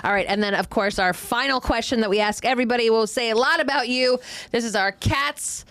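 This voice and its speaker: A woman's voice: on the high side, a bit bright, dry recording. Jokey podcast host woman. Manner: quick, jokey and laughing. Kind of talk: casual chat.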